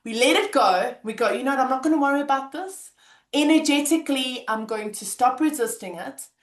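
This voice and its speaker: A woman co-hosting a relaxed podcast chat, talking in a gentle, reflective way and acting out her own self-talk. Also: high-pitched, brisk, echoey room. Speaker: podcast co-host. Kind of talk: casual conversational chat.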